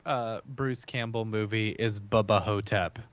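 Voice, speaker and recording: A man hosting a casual podcast, relaxed and quick to react to his guests. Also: fairly low pitch. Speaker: podcast host. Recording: slightly dull lo-fi podcast audio.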